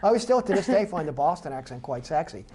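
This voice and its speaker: A woman's voice: deep voice, sing-song, fast, a crowd in the background. A woman from New York co-hosting a casual podcast, ranting emphatically with heavy swearing and many restarts. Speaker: podcast co-host. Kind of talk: casual chat.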